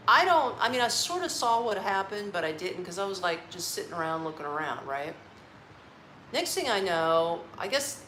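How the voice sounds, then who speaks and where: Woman, casual vlog storytelling, lively pitch, laughs and mimics, roomy echo, faint background ambience. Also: a little hiss or hum. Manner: animated, laughing, mimics honking and voices. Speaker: travel vlogger. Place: apartment in Cambodia.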